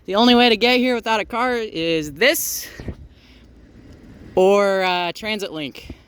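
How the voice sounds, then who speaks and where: A man with a slightly high voice narrates his bike ride outdoors, rambling along with dry little asides and lots of "uh"s. He speaks into a camera mounted on the bike. Faint street noise hums in the background. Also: unhurried, a bit bright. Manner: rambling, wry asides, frequent "uh". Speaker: transit vlogger. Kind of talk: casual narration while cycling.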